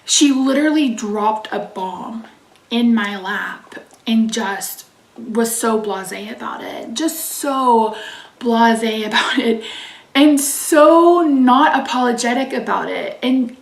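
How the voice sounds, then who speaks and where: A woman's voice: fairly high pitch, lively intonation, takes it slowly, reverberant, far from the mic. A woman hosting her own channel, venting in casual chat about a frustrating phone call, swearing and reading viewer names aloud. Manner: reads chat names aloud between sentences. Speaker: channel host.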